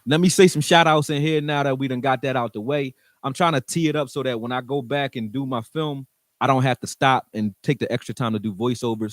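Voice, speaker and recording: Speaking straight to his audience, a sports show host with a lowish voice breaks down football plays in a casual, frank way, using slang and the occasional curse word. The recording is dry.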